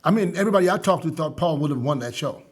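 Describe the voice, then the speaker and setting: A man's voice: fairly high pitch, expressive, very fast. A man hosting a podcast who asks guests probing follow-up questions. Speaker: podcast host. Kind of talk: interviewing.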